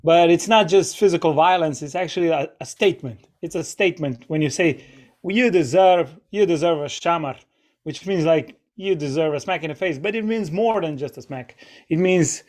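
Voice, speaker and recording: A man's voice: a little high, normal speed, a little mellow. A man hosting a live improv comedy show, rambling and chatty as he keeps interrupting himself. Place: small theater stage.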